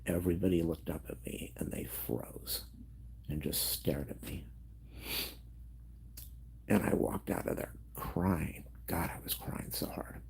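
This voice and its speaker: A grieving man telling a personal story in a vlog, emotional and halting, at times dropping into a whisper. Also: low voice, fairly even intonation, vocal fry, a little mellow, breathy edge. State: grieving, on the edge of tears.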